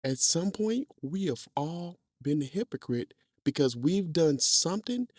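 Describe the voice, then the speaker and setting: A man's voice: a little high, sing-song, unhurried, a little mellow, no room sound, clean studio sound. A man, a podcast host, telling a personal story in casual talk. He laughs often, repeats words and acts out the people he quotes.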